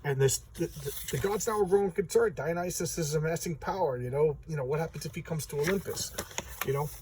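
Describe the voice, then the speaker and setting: A man giving a casual, chatty walkthrough of a comic book, retelling the story in loose talk full of "you know" and quick asides. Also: on the high side, noisy background. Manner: acts out characters' lines in quick voices.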